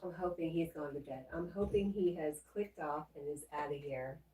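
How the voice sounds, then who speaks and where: A woman's voice: sits low, moderate pace, warm tone, roomy sound, far from the mic, low-quality recording. A woman hosting a casual livestream, chatting with viewers in a playful, teasing way. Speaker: livestream host. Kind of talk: casual live chat.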